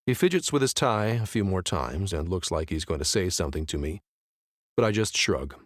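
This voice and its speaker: A man's voice: low-pitched, expressive, moderate pace, dry recording. A man narrating a first-person romance audiobook in a casual, wry, conversational way, close to the mic.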